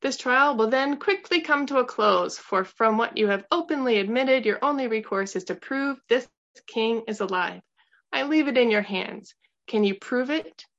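A woman's voice: on the high side, lively intonation, moderate pace, a bit bright. A woman voicing a scheming male prosecutor who speaks in a stern, accusing way, on a dull lo-fi recording.

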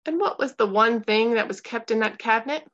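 A woman voicing a confident man on trial who speaks in a calm, earnest way, on a dull lo-fi recording. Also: fairly high pitch, a little fast, natural voice.

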